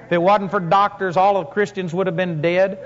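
A man's voice: high voice, fairly even intonation, brisk, a crowd in the background. A man preaching a sermon to a congregation, telling stories with emphatic rises and punchy lines. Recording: long hall reverb, dull lo-fi sound.

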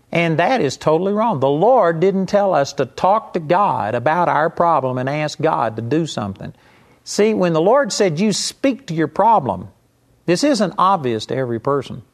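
A male preacher delivers a sermon in a somewhat high voice. He talks emphatically and slows down sharply whenever he quotes scripture, stressing each word. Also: very animated.

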